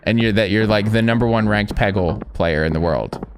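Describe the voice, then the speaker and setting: A man's voice: fairly low pitch, moderate pace, over music. A man hosting an interview, talking in a wry, joking way and building playful schemes. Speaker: host. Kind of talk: interview with commentary.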